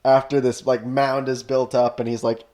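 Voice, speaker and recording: A man's voice: medium pitch, flat delivery, moderate pace, a little mellow. A man co-hosting a podcast in casual chat, rambling through ideas with lots of "like" and restarts. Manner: rambling, full of "like" and restarts, laughs often. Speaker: podcast co-host.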